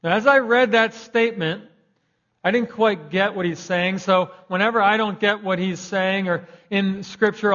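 Young guy pastor preaching, kinda high voice, sounds a bit dull and lo-fi, gets loud to make a point. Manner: conversational preaching, swings loud for emphasis. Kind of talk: sermon. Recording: dull lo-fi recording.

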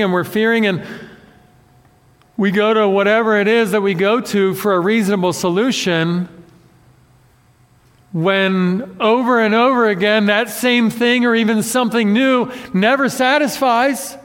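A man with a notably high voice preaches a conversational sermon, animated and self-deprecating, often acting out what people say. His voice carries a long reverb, as if he is speaking in a hall. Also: clear, resonant tone. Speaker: pastor.

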